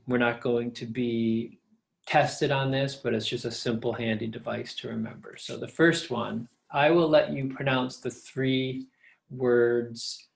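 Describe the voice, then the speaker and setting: A man's voice: mid-range voice, gravelly. A middle-aged man, a professor, patiently explaining step by step in a recorded lecture.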